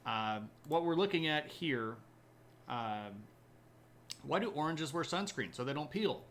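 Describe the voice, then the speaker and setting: A man's voice: a little high, animated, unhurried, fairly bright tone, slight background noise. A man hosting a live history stream, chatting casually with viewers, full of fillers and restarts. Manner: rambling, many fillers and restarts, laughs at own jokes. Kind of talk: casual chat reading viewer comments.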